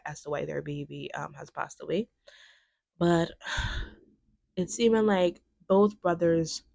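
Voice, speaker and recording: A young woman, chatting in a lively, casual way about a film, with lots of fillers. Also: on the low side, gravelly, no echo. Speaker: video essayist. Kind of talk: casual film commentary chat.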